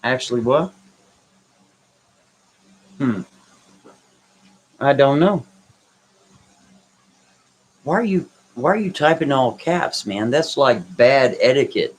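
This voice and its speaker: A man's voice: medium pitch, animated, slow pace, pauses often, breathy edge, rough recording. A man hosting a live stream, answering viewers' comments in a blunt, brash, dismissive way. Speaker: livestream host reading chat. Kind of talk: casual live chat.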